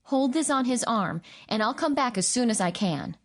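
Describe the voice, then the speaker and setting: A woman's voice: on the high side, expressive, normal speed, voice pushed up. A woman reading the part of a young, nervous woman helping in an emergency surgery, her voice lifted above her narration. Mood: anxious. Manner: anxious, urgent.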